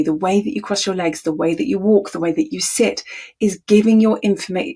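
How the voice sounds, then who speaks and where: A woman coach talks straight to the camera with a slightly husky, breathy voice. She is deliberate and emphatic and leans on key words. Her pitch sits in a middle range. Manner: deliberate, emphatic, demonstrates tones aloud. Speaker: communication coach. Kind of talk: talking-head coaching video.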